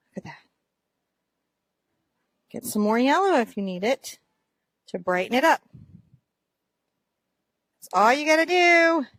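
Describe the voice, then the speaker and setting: A woman's voice: mid-range voice, dry recording. Encouraging woman teaching a painting lesson. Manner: gentle, encouraging, talks while painting. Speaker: art teacher.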